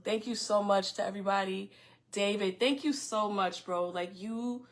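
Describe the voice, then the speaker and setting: A middle-aged woman from Queens, hosting a casual livestream podcast and talking fast and loud to her viewers with frequent restarts. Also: medium pitch. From Far Rockaway, Queens, New York. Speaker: podcast host.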